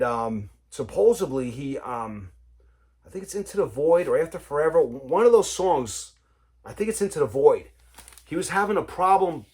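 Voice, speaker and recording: Rambling, enthusiastic man hosting a vinyl vlog. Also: mid-range voice. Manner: rambling, enthusiastic, fillers like "you know, man". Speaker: vinyl collector, channel host. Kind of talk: casual vlog chat.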